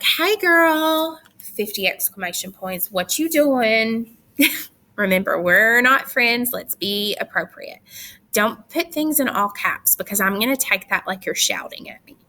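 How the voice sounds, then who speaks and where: A young woman teacher talks her students through recorded instructions in a bright, crisp voice at a middle pitch. She sounds chatty and firm, and she drops in teasing asides as she goes.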